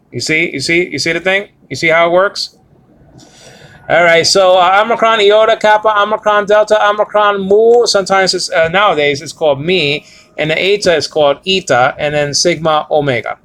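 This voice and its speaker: A man teaching a Bible Greek grammar lesson. He talks in a halting way, with many fillers and "okay?" checks, and slowly sounds out and spells words. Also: high-pitched, a bit bright.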